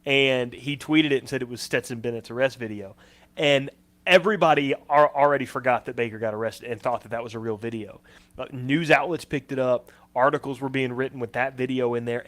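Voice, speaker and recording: A man's voice: mid-range voice, fairly bright tone. Easygoing man telling sports stories. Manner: easygoing storyteller. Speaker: co-host. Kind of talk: casual sports chat.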